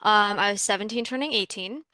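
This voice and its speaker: A woman's voice: mid-range voice, brisk, sharp tone, no room sound. A young woman from Canada telling a personal story in a casual, chatty way, full of "like" fillers, as a workshop participant.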